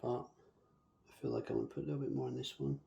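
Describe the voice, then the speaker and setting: A man with a mellow, soft-edged voice talks viewers through a hands-on planting tutorial in a casual, chatty way. He hums little nonsense syllables as he works. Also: on the low side, very animated, fairly quick, vocal fry. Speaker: bonsai planting demonstrator.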